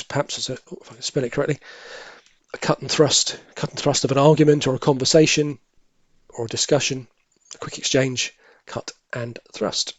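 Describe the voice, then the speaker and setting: A man thinking aloud as he works through cryptic crossword clues, musing and correcting himself, with quiet half-muttered asides. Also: mid-range voice, dry recording. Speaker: crossword solving tutor.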